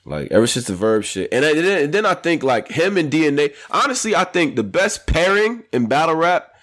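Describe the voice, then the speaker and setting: A man co-hosting a casual chat show, animated and slangy, with lots of stammered restarts. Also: a little high, a little fast. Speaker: podcast co-host. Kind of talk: casual chat about battle rap.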